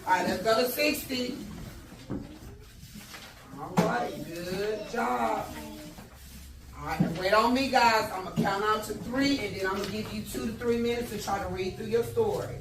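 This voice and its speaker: A woman's voice: medium pitch, normal speed, long pauses. A woman teacher leading a classroom phonics lesson, calling out prompts and praise to her students. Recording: echoey, distant classroom with loud noise.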